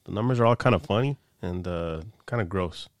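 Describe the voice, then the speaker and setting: Low-voiced guy chatting sports, easygoing, dry sound. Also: fairly quick, no room sound. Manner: relaxed, conversational, talks betting. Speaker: podcast co-host. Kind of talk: casual sports chat.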